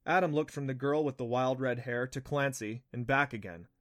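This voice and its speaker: A man reading an audiobook aloud with a steady storytelling delivery. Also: medium pitch, normal speed. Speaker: audiobook narrator. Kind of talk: scripted audiobook narration.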